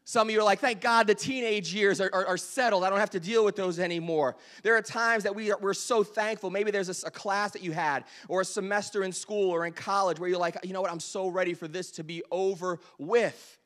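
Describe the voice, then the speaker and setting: Man, pastor, sermon, high voice, animated, joking, loud and soft swings. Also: fairly quick, hardly any pauses. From Delaware, US. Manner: animated, joking, swings between loud bursts and quiet asides.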